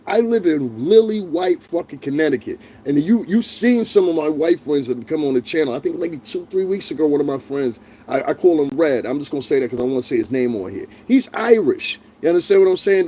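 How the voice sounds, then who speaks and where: A man's voice: sits high, warm tone. A man hosting a livestream, ranting in a heated, profane, confrontational way and talking directly to his chat viewers. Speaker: livestream host.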